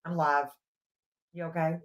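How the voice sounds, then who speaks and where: A woman's voice: sits low, level tone, measured pace. A middle-aged woman hosting a casual live stream, thinking aloud and reading out searches as she goes. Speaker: live stream astrology reader.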